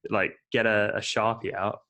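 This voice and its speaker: A man's voice: on the low side, level tone, moderate pace, pushed and bright. A man co-hosting a casual business podcast, chatty and playful as he gives practical advice. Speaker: podcast co-host.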